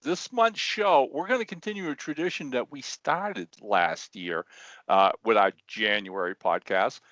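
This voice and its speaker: A man co-hosting a podcast in casual chat, an animated storyteller who often restarts his words. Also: mid-range voice, unhurried, no echo. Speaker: podcast co-host.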